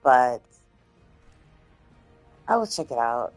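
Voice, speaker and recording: A woman streamer chatting casually and rambling, swearing freely, her voice slightly hoarse. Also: extremely low pitch, big pitch swings, slow, soft background music. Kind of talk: casual chat.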